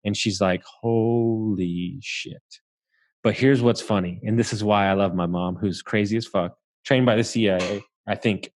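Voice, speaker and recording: A man from Southeast Texas telling a story as a podcast guest, talking casually, swearing freely and laughing as he goes. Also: fairly low pitch.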